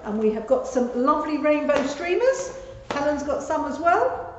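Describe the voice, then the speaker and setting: Brief: woman church co-leader, animated and agreeable, cavernous church echo with faint background noise. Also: high voice, normal speed. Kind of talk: casual church family-session chat. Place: large church building. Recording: echoey church with long reverb, dull sound.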